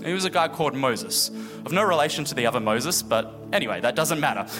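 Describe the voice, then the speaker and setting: A man's voice: mid-range voice, expressive, fast talker. A man preaching a sermon as pastor, casual and joking, acting out the people in his story. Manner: casual, joking asides and acted-out quotes. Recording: echoey hall with music behind.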